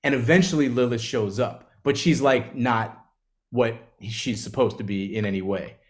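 A male author in a live onstage conversation, telling a story with energy. His voice sits in a middle pitch, and he slips into little acted-out quotes as he talks. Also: normal speed. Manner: animated storyteller, acts out quotes.

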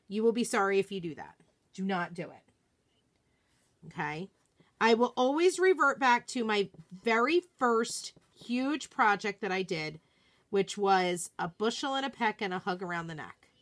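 A woman hosting a live craft demonstration, chatting casually and excitedly, often murmuring quietly to herself as she works. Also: medium pitch. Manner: bubbly, chatty, self-deprecating, often drops to a murmur while working. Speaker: craft livestream host.

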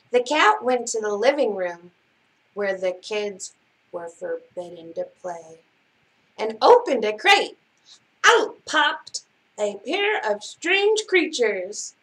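A woman librarian reading a picture book aloud at story time, expressive and given to big exclamations. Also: medium pitch, slow pace. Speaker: children's librarian.

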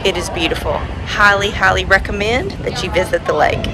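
A woman's voice: medium pitch, moderate pace. A woman from Western Kentucky with a Kentucky accent, chatting casually in a vlog and cooing sing-song at her dogs. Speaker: vlogger. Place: outdoors by a lake and at home. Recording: noisy outdoor recording.

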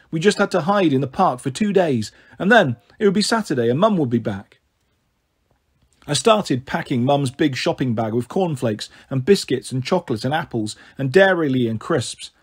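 A male storyteller reads a children's novel aloud. His voice is husky and a little high for a man. He reads in a lively, sing-song way. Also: moderate pace.

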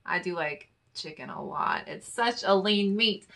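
Speaking unhurriedly with vocal fry, a female vlogger playfully works through wine infographics out loud, tossing in muttered side remarks as she chats. Her voice is medium in pitch and fairly bright.

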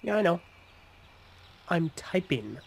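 A man's voice: fairly high pitch, big pitch swings, slow, creaky. Teasing young man co-hosting. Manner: teasing, mock-announcer asides. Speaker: co-host guiding the player. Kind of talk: casual gameplay banter.

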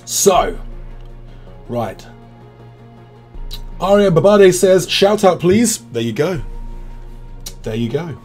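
A man's voice: sits high, sing-song, takes it slowly, pauses often, a little mellow, husky, faint music behind. British man chatting over gameplay. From Britain. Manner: chatty, self-deprecating, reads out chat messages. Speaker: game livestream host. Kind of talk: casual gameplay commentary.

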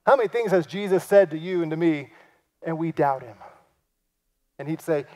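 A man preaching a sermon, acting out quoted lines and swinging from loud cries to hushed, near-whispered passages. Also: a little high, moderate pace. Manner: acts out quoted lines in lively voices. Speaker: pastor.

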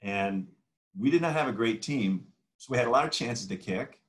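A man in his sixties, a guest in a casual interview, telling animated stories and acting out the dialogue. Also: mid-range voice, moderate pace. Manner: animated anecdotal storyteller who acts out quoted dialogue.

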